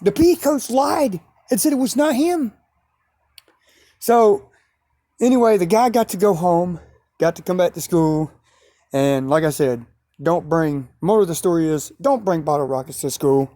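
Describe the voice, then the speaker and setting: A man's voice: fairly high pitch, measured pace, dark tone, no echo. A man telling a rambling, repetitive story outdoors at night, with sudden emphatic rises. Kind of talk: casual storytelling vlog.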